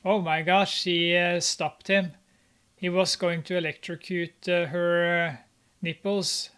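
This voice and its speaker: A man's voice: high voice, little pitch movement, slow, fairly bright tone, clean tone. A man giving casual, mocking commentary on a film, with sarcastic remarks and many "uh" fillers. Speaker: movie reviewer.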